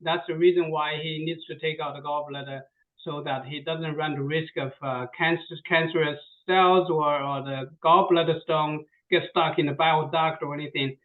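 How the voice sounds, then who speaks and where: A high-voiced man presents a product over a video call, eager and tripping over his words. He often repeats himself as he goes. His line sounds narrow and tinny, like a phone. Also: steady tone, moderate pace. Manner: repetitive, stumbling, eager. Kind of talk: casual sales chat.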